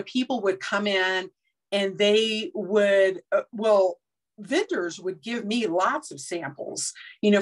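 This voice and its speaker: A woman's voice: mid-range voice, a bit bright, poor audio. Woman with a polished radio-actress voice. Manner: effusive, gracious. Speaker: guest on a team call. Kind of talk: casual video-call chat.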